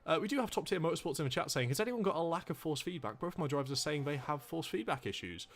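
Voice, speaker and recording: Male esports commentator, quick pace, lively pitch, teasing banter. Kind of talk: live race commentary.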